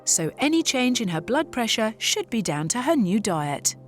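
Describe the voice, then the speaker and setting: A woman giving a clear, measured, scripted voice-over narration for a health documentary. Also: fairly high pitch, very animated. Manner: clear, measured explanatory delivery. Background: background music.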